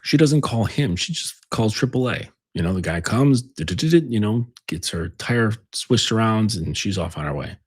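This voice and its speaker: Very husky low-voiced man. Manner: rambling, blunt and profane, with many fillers. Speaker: relationship coach. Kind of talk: casual advice monologue.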